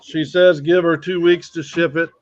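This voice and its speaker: A man's voice: fairly high pitch, flat delivery, moderate pace. An American man hosts a casual livestream, talking in an easygoing, rambling way and retelling conversations. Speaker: livestream host. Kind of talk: casual live-stream chat. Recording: dull lo-fi livestream audio.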